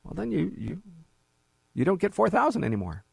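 A man's voice: high voice, a little fast, vocal fry, breathy edge, no echo. A middle-aged man hosting a financial advice show, telling client stories and mocking bureaucrats in quoted asides. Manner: animated storyteller, mocking voices in quoted asides. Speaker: financial radio host. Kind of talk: conversational radio advice talk.

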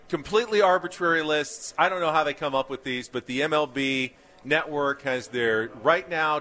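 A man co-hosting a sports talk show, explaining his views in a measured, emphatic way. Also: mid-range voice, pushed and bright. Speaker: sports radio co-host.

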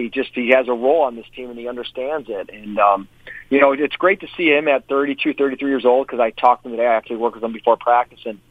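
A man talks hockey in quick, loose sentences that he keeps restarting. His mid-pitched voice comes through a tinny, phone-like line, and the sound is dry. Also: dry recording. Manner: fast, rambling, restarts sentences. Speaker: hockey coach and guest. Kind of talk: casual hockey chat.

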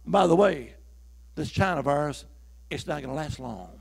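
Pastor guy preaching, high voice, gravelly, shouts then drops to a whisper. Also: animated, moderate pace. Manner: preaching with call-and-response, swings from loud shouts to hushed whispers. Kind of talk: sermon.

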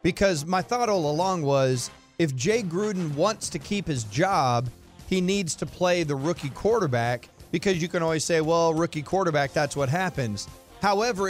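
A man co-hosting a sports radio show, arguing his football takes bluntly and insistently. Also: sits high. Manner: blunt, argumentative.

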